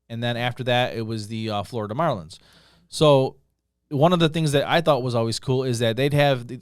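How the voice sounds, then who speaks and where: A man's voice: mid-range voice, smooth, no echo, clean studio sound. A middle-aged man from Utica, New York, telling a story as a guest author, rambling with fillers and restarts. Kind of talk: casual podcast chat.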